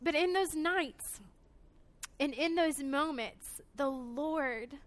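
A woman's voice: sits high, takes it slowly. A young woman giving an earnest, emotional personal testimony at a conference, with frequent hesitations. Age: 20s. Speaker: conference speaker.

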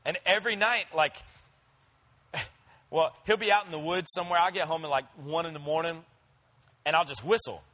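High, bright-voiced pastor preaching. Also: male voice, moderate pace, long pauses, poor audio. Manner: conversational, storytelling, addresses listeners directly. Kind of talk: sermon.

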